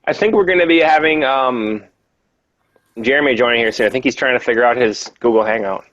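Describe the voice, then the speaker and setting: A man's voice: mid-range voice, brisk, fairly bright tone, muffled recording. A man joking around playfully with friends on a live video chat, laughing a lot. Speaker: guest. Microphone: home computer mic on video call.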